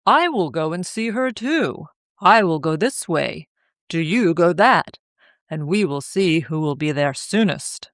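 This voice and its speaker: A sly, hungry storybook wolf, put on by a woman narrator, who coaxes in a falsely gentle way. The voice sits fairly low and moves at an unhurried pace. It is close and dry, with no room around it. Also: expressive, no room sound. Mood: coaxing.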